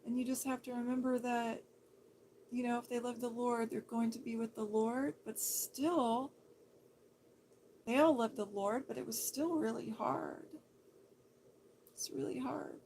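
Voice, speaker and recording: A woman from Seattle hosting a livestream, chatting in a gentle, sympathetic way as she reads out viewers' comments, sometimes dropping to a whisper. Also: fairly high pitch, steady tone, unhurried, slight background noise. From Seattle, Washington State. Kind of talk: casual soft-spoken livestream chat.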